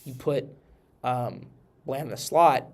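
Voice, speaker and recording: A slow-paced man with a gravelly, medium-pitched voice hosts a podcast and chats casually about football. He's congested and a little nasal, and his animated, rambling talk is marked by many restarts.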